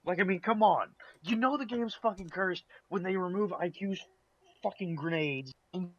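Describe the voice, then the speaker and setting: A man's voice: high-pitched, normal speed, a bit bright. A man co-hosting a casual gaming podcast, ranting and swearing freely. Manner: profane, ranting. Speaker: podcast co-host. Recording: dull lo-fi sound.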